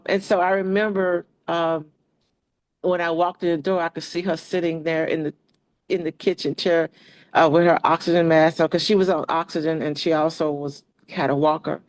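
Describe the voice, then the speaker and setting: A woman being interviewed, telling her life story in a relaxed way with many fillers. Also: on the low side, no room sound, poor audio. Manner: relaxed, frequent fillers and restarts, reads poetry aloud. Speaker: interview guest. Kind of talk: personal storytelling in conversation.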